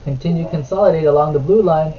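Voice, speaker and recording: A man streaming his trading from home. He switches between soft, sing-song baby talk with his toddler and brisk market commentary. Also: on the high side, highs cut off, slight background noise. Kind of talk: casual live-stream commentary.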